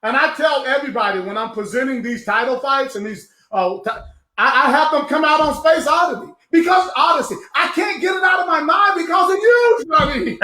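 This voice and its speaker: A man hosting a live online show, talking with loud, emotional enthusiasm. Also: very high-pitched, expressive, a little fast, reverberant. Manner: effusive, emotional, loud exclamations.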